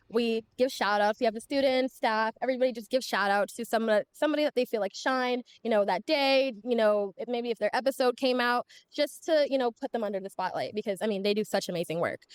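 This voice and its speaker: A woman with a fairly high voice hosts a live event in an upbeat way, talking straight to the crowd. She keeps the evening moving and invites the audience to join in. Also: clear, resonant tone, no room sound. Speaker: event host. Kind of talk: hosting a live podcast event.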